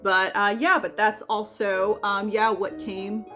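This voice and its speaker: Young woman chatting over her food, lots of ums and likes, clear music underneath. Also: medium pitch, level tone, slow, bright, forceful tone. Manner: rambling, many fillers and restarts. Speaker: vlogger and host. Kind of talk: casual food vlog chat.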